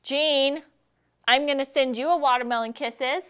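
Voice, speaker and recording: A woman's voice: high voice, fairly even intonation, moderate pace, fairly bright tone. A woman hosting a casual live stream, chatty and giggly as she greets viewers and runs a giveaway. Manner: chatty, giggly, reads viewer comments aloud. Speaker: livestream host.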